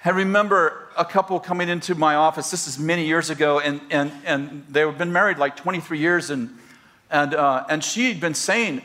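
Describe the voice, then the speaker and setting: High, bright-voiced preacher man telling stories. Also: a little fast. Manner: storytelling, animated, acts out quoted people. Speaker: pastor and marriage counselor. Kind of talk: humorous sermon.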